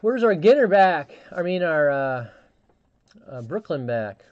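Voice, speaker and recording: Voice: mid-range voice, very animated, measured pace, dry recording, dull audio. A live stream host chatting casually, telling a rambling story with frequent restarts and fillers.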